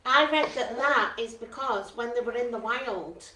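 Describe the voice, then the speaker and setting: A woman's voice: a little high, pushed and bright. A woman at a bingo session who chats and argues her points. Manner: chatty, quick to argue a point. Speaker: bingo participant. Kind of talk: casual chat. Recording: roomy, distant mic, faint noise.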